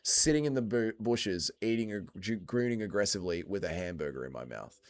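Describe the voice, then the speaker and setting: A man's voice: sits low, expressive, a little fast, no echo. Aussie guy on a watch-along stream, swears heaps, chats with viewers, voice all over the place. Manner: crude, swears a lot, banters with chat. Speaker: livestream host. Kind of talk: casual fight watch-along commentary.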